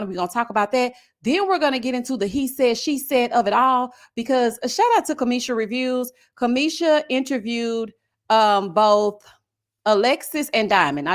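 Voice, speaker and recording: Sassy high-voiced woman chatting live. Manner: sassy, animated, greeting viewers by name. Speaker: reality TV reviewer hosting a live stream. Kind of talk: casual live-stream chat.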